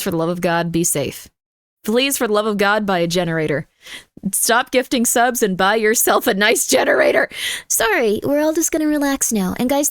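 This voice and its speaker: A woman with a voice on the high side, recorded at studio quality with no echo, chats casually on a livestream. She rambles and cuts off her own sentences as she reads viewer messages, coming across as scattered.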